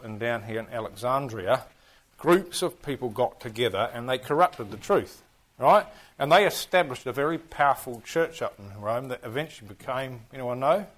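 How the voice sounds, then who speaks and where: A man with a New Zealand accent teaching a class, lively and full of questions to his listeners. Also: mid-range voice. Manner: animated, keeps firing questions at the class. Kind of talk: interactive history class on church history.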